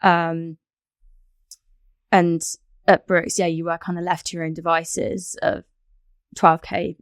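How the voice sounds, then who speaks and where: A woman's voice: fairly low pitch, level tone, slow, no room sound, clean studio sound. A young adult woman, a rowing coxswain, answering interview questions in a reflective, chatty way and laughing easily. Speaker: podcast guest, rowing coxswain.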